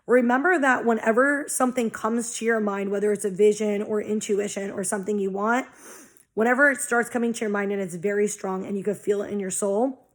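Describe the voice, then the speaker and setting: A young adult woman talking casually about spiritual growth in a blunt, heavily profane way, acting out her own past reactions. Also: mid-range voice. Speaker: spiritual vlogger. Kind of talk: casual monologue.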